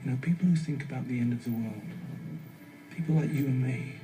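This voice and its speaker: An actor playing a lonely male artist on a phone call, speaking low and intimately in a film clip. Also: fairly quick, warm tone, a little hiss or hum, natural voice. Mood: brooding. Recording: film audio played in a room, from far off.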